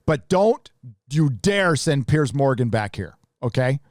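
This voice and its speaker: A man hosting a live stream, ranting bluntly and profanely in a casual, halting way. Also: medium pitch, big pitch swings, no room sound, clean studio sound. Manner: casual, with restarts.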